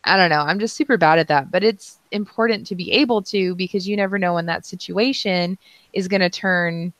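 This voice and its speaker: A woman's voice: lowish voice, a little fast, fairly bright tone, no echo. Young woman co-host, giggly and self-deprecating, on a dry close mic. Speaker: podcast co-host. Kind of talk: casual chat.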